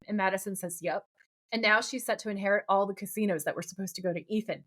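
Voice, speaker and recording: Talking fast at medium pitch, this podcast co-host gives a casual rundown of a TV episode. She tells it with animation, playing out the characters' lines as she goes.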